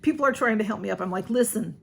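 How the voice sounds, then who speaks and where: A woman's voice: mid-range voice, rapid-fire, gravelly, breathy edge. An older woman, chatting casually to her viewers as a channel host, rambling with frequent laughs and restarts.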